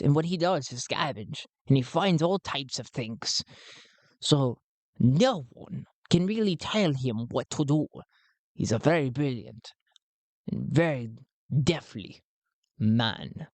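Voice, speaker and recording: Guy rambling through a solo rpg session, slow talker, dry close sound. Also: medium pitch, lively intonation, dry recording. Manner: rambling, laughs at his own jokes. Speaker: solo game player and narrator. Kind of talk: solo tabletop game narration.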